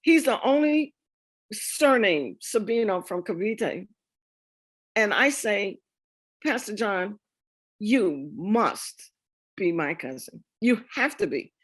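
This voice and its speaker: A middle-aged woman telling her family history to an audience, lively and laughing often as she acts out the conversations. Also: medium pitch, slow, pauses often, breathy edge. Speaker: speaker sharing a family memoir. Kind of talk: storytelling talk with slides.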